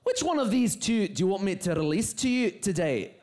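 A preacher playing the Roman governor Pilate with a mock Scottish accent, calling out theatrical, loud questions to a live audience in a church hall. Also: mid-range voice, very animated, a little fast, natural voice. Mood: grand. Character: Roman governor Pilate, man, playful and grand. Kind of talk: sermon re-enactment.

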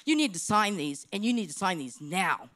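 A brusque female realtor , as a woman puts her on in a sermon story. She talks in a curt, demanding tone, pitched well below the speaker's own voice and fairly flat. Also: normal speed.

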